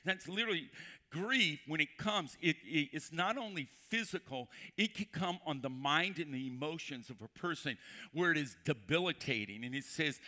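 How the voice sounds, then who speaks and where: A male pastor preaching a sermon to a congregation, emphatic, slowing down to repeat scripture and quizzing his listeners. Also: fairly high pitch, lively intonation, pushed and bright. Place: church before a congregation.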